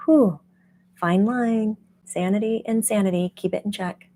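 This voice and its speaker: A woman who hosts a spiritual channel as a medium, teaching casually in an animated way and laughing often. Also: mid-range voice, unhurried, slight background noise. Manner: animated, laughs often, acts out quoted voices.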